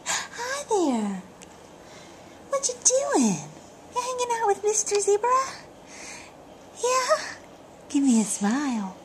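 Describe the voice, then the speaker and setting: A woman's voice: very high-pitched, huge pitch swings, slow, long pauses. A woman cooing baby talk to her infant at home in a sing-song way, filmed on a home video camera. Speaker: baby's mother. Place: home, indoors. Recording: home video with background noise.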